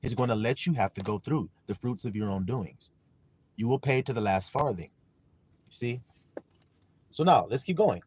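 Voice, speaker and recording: A man's voice: mid-range voice, expressive, moderate pace, pauses often, darkish tone, husky. A man preaching a sermon on a live stream, emphatic and often asking listeners whether they understand. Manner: emphatic, repeats questions to listeners; greets viewers in chat. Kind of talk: livestream sermon.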